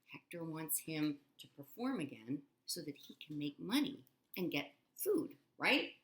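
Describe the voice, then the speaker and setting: A woman's voice: sits low, big pitch swings, a little slow, a bit bright. A woman reading a children's book aloud expressively, adding casual asides to her listeners. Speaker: storyteller.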